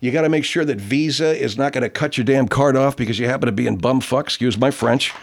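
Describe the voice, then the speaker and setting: A man's voice: medium pitch, fast talker, gravelly. A man hosting a radio show in casual banter, rambling, easygoing and freely profane. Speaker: radio host.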